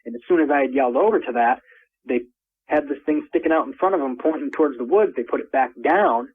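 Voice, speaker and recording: Husky man telling his story by phone. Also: fast. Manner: rambling, repeats words, climbs in pitch when excited. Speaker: caller recounting an encounter. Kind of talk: first-person story told over the phone. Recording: tinny phone line.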